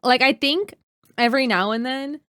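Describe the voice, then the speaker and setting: A woman's voice: high voice, normal speed, pushed and bright, smooth, dry recording, studio quality. A young woman streaming a reaction video, talking heatedly, swearing and greeting her chat by name. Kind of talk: casual live-stream reaction.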